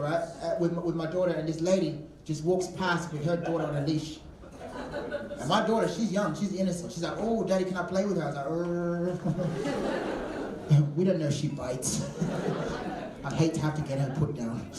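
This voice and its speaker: A male stand-up comic tells crude, cussing stories in a somewhat high voice, stumbling over his words and restarting often. The sound comes from a distance in a roomy club, and audience laughter can be heard behind him. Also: noisy background. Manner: crude, profane storytelling with stammered restarts. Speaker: stand-up comedian and show MC. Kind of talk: live stand-up set. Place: comedy club stage.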